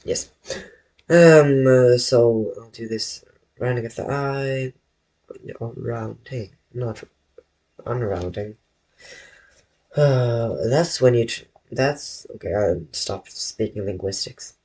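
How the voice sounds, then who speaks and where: A man talks his viewers through a drawing on a live stream, in an unhurried, rambling way with frequent self-corrections. His pitch sits in a middle register, and he speaks from his bedroom into a desk mic. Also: a little mellow. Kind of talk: casual live-stream chat while drawing.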